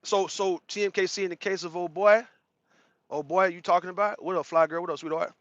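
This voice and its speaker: Streamer type: blunt, profane man, higher-pitched and punchy, dry close sound. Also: fairly even intonation, a little fast, no echo, lo-fi sound. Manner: blunt, slangy and profane, greets chatters mid-rant. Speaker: livestream host. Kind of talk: casual livestream talk to chat viewers.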